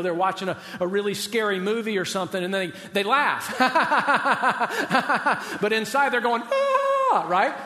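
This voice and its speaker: A pastor with a high-sitting, sharp-toned voice delivers a sermon in a large hall. His preaching is conversational, and he frequently poses questions to the audience.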